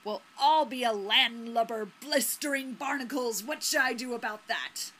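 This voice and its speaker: A woman voicing a gruff, blunt older male fisherman in a video game, with folksy sailor talk. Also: on the high side, normal speed, a bit bright.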